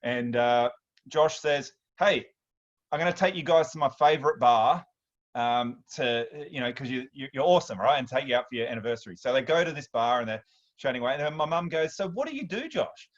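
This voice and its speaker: A man in his thirties with an Australian accent, hosting a workshop and telling stories in a chatty, animated way, often restarting his sentences. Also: mid-range voice, a little fast, lo-fi sound. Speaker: workshop host. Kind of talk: casual storytelling talk.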